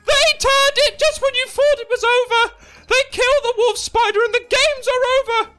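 A loud, excitable arena announcer, put on by a woman calls the fight with big drawn-out proclamations. The voice sits high and ringing. Faint music plays underneath. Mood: hyped. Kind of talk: mock sports-announcer commentary.

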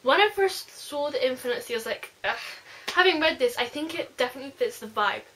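A woman reviewing a book in a casual vlog, gushing and rambling excitedly. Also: high-pitched, fast talker, a little hiss or hum.

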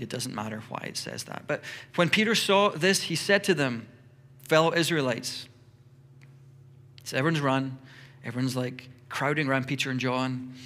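A middle-aged man preaches in a church with an ordinary mid pitch. He talks lively, dropping into brief acted-out exchanges with quick voices. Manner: lively, acts out little dialogues in quick voices. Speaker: pastor. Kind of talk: sermon.

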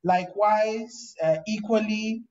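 A male professor gives a relaxed lecture on writing. His voice sits high, and he often repeats himself and restarts his phrases as he talks. The sound is dull and lo-fi, and he is set back from the mic. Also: takes it slowly. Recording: dull, distant lo-fi recording.

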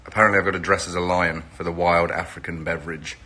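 A man's voice: low voice, level tone, fast, bright, forceful tone. A middle-aged Englishman, chatting casually on a phone live stream, greeting viewers by where they are and promoting an event. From England. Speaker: reality TV personality hosting a live stream.

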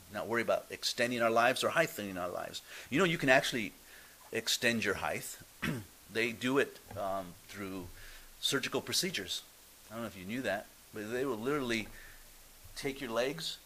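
A male pastor delivering a sermon in a church. His voice is bright and ringing, and he moves between forceful emphatic lines and quieter, hushed asides. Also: on the low side, slight background noise, rough recording. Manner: emphatic, swings from loud to soft. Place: church sanctuary.

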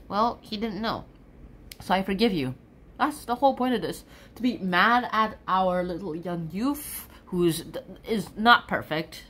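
A woman casually explaining a poem in an animated, chatty way, with stumbles and restarts. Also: medium pitch, measured pace, slight background noise. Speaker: sonnet explainer. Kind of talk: casual explanation mixed with poetry recitation.

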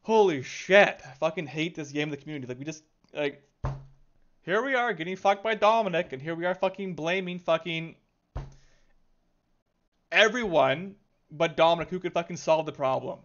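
A man's voice: on the high side, moderate pace, fairly bright tone, dull audio. An exasperated man ranting about a game, swearing constantly and sighing heavily. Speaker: gaming video creator. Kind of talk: profane angry rant.

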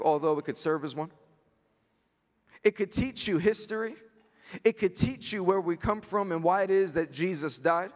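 A man's voice: sits high, in a large hall. A pastor in his thirties preaching a chapel sermon with emphatic, repeated phrases. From New York. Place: university chapel.

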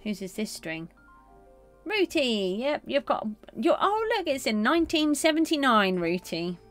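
A middle-aged woman streaming a game, chatting casually with viewers and answering them in a gentle, consoling way. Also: sits high, sing-song, a little slow, faint music behind. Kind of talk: casual live-stream chat.

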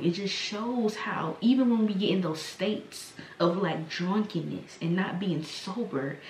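A woman's voice: mid-range voice, darkish tone, recorded from a distance, a little hiss or hum. A woman hosting a faith podcast, preaching in a rambling, conversational way with many fillers and restarts. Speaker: podcast host. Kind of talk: casual spoken sermon. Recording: echoey room, voice from the mic, faint ambience.

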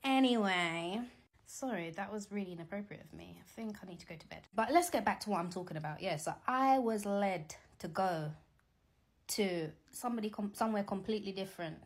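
A middle-aged woman gives animated, teasing, preachy commentary as a Christian vlogger, talking casually from home. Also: mid-range voice, brisk.

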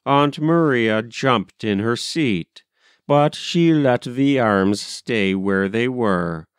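A man reading a classic children's story aloud in a measured, expressive storytelling manner. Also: medium pitch, smooth, dry recording, studio quality. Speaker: audiobook reader. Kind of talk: storybook narration.

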